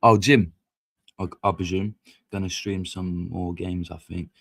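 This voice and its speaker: A man's voice: low-pitched, fairly even intonation, measured pace, creaky, fairly bright tone. A man hosting a live stream, chatting casually and rambling through sweary football banter.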